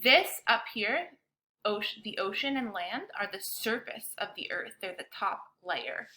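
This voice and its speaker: A woman teacher leading a bilingual science lesson for children, speaking slowly and clearly with an encouraging classroom manner. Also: medium pitch, expressive, sharp tone.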